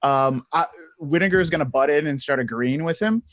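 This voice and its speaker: A man's voice: on the high side, fairly quick, a bit bright. A man playing in a tabletop game, chatting casually, rambling and laughing often. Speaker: player.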